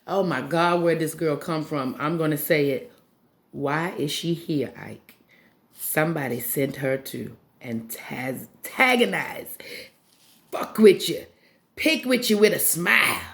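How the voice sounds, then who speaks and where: Blunt, animated woman recapping reality TV. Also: sits low, a little slow, creaky. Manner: animated, blunt, swearing, mimics cast members. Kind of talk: casual profane show recap.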